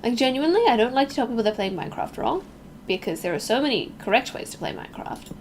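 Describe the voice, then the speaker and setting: Young woman streamer, Melbourne accent, bright lively voice, casual game chat, faint typing behind. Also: on the high side, fast talker, a little hiss or hum. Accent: Australian, Melbourne. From Melbourne, Australia. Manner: chatty and expressive, self-deprecating, reacts aloud to the game. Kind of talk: casual gameplay commentary, chatting with viewers.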